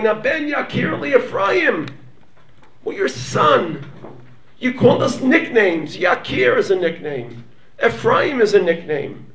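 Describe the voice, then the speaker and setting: High-voiced male rabbi teaching, dramatic, murmurs to near-shouts, roomy distant mic. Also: gravelly, slight background noise. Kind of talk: animated Torah lecture.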